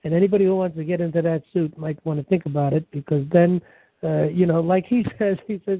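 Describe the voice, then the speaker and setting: A man's voice: a little high, steady tone, quick pace. A man hosting a talk show, chatting casually and emphatically, often chuckling and stumbling over repeated words. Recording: dry tinny phone-line sound.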